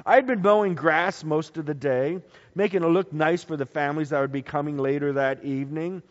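A pastor with a somewhat high voice preaches, spinning stories and hammering home points through repetition. His words ring out with a long reverb, as if in a large sanctuary. The recording itself sounds dull and lo-fi. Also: a little fast. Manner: storytelling, building emphasis through repetition. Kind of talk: sermon.

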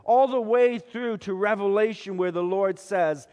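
High-voiced man preaching in a reverberant hall. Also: a little slow. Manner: dramatic storytelling, swinging between hushed and emphatic. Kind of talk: sermon retelling scripture.

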